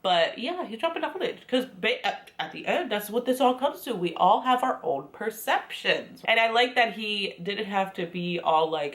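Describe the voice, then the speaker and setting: A woman's voice: mid-range voice, animated, moderate pace, hardly any pauses. A woman giving a casual, sassy recap of a reality show, chatty and full of quoted asides. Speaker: recap vlogger.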